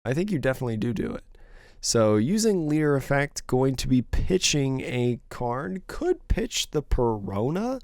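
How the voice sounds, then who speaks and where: Young guy doing card game play-by-play, thinking out loud, voice a bit worn, dry close mic. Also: mid-range voice, very animated, normal speed, no echo. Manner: thinks aloud, weighing options, casual and analytical. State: slightly losing his voice. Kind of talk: solo play-by-play commentary over a stream.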